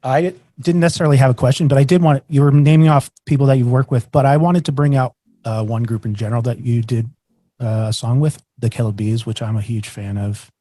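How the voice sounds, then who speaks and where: Co-host man, relaxed fan chat, dry voice. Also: medium pitch, a little fast, dry recording. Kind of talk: casual interview chat.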